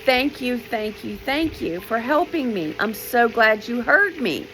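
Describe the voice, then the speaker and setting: An earnest, thankful schoolgirl , as a woman storyteller puts her on, speaks in a lifted, higher voice. Her words come slow and sincere. A faint hiss sits under her. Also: animated, pushed and bright, heavily acted, low-quality recording. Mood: grateful. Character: grateful schoolgirl in a wheelchair.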